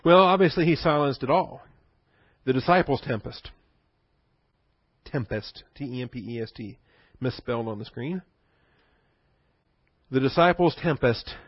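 A man's voice: on the high side, no room sound, dull audio. A male pastor preaching a sermon in a conversational teaching manner, asking rhetorical questions and chuckling.

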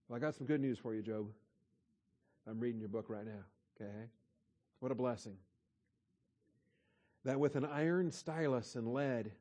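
A man's voice: mid-range voice, warm tone, lo-fi sound. A man preaching a conversational sermon, reading scripture aloud and explaining it. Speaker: pastor.

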